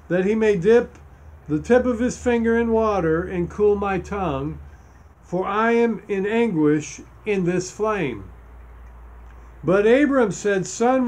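A man's voice: high voice, a little mellow. A man preaching, reading scripture aloud and stressing its key points. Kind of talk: Bible teaching sermon.

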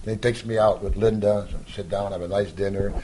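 An older man, a podcast guest, telling lively anecdotes, acting out the voices of people he quotes and laughing often. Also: lowish voice, brisk, slight background noise. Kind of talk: anecdotal storytelling.

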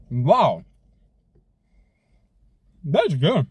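Hyped, husky-voiced man eating on stream. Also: on the high side, sing-song, unhurried, long pauses, no echo, lo-fi sound. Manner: hyped, joking, swears a lot, chews and hums between bites.

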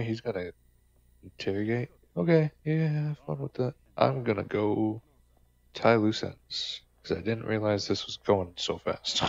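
Gravelly young man joking through gameplay. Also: fairly low pitch, muffled recording. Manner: joking, swearing, talks to game characters. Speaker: gamer. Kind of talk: casual gameplay commentary.

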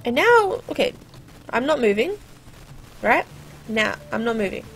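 A teenage girl with a bright, high voice talks casually over her gameplay. She rambles and wanders into playful, sarcastic asides. Her voice sits well above most women's. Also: big pitch swings, unhurried, faint music behind. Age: teens. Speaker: gaming channel host.

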